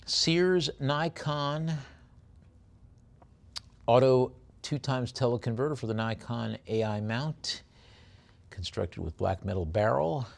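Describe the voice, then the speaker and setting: A man working as an auctioneer, calling bids quickly and dropping into chatty asides between lots. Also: medium pitch, creaky.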